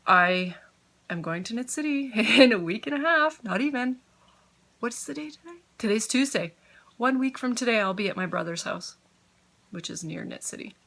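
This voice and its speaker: Casting: bright, chatty woman in her thirties, grateful and rambling, knitting vlogger at home. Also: lowish voice. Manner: chatty, grateful, easily sidetracked; talks with her mouth full. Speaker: knitting podcaster. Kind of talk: casual chat to camera.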